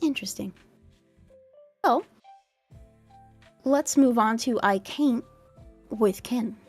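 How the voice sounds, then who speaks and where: A woman's voice: fairly high pitch, takes it slowly, darkish tone, soft background music. Playful young woman reading fun facts. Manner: reads facts aloud, wry and playful. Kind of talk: casual podcast chat.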